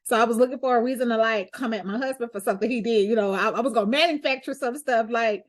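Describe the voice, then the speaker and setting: A woman's voice: on the high side, fast, hardly any pauses. A woman, a lawyer hosting her own show, sharing a candid, heartfelt personal reflection in a conversational way.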